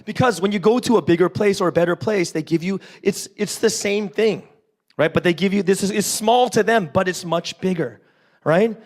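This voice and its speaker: A man with a high voice delivers an interactive sermon in a lively storytelling manner. He asks his listeners questions and acts out short bits of dialogue. Every point ends with a quick "right?". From Canada. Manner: animated storytelling, constantly checks in with "right?"; questions the congregation directly and acts out little voices. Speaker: preacher. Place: church service.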